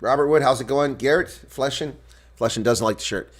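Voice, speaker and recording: Here a man with a mid-range voice, speaking a little fast, does solo live rugby commentary. Laid-back calls and viewer chat give way to excited yelling whenever a major play unfolds.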